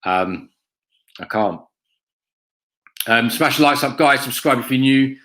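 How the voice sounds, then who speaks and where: A man's voice: mid-range voice, slow pace, bright, forceful tone. A man hosting a fan live stream, answering chat in a blunt, sweary way full of ums and "mate". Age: adult, has a school-age son. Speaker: fan channel host reading live chat.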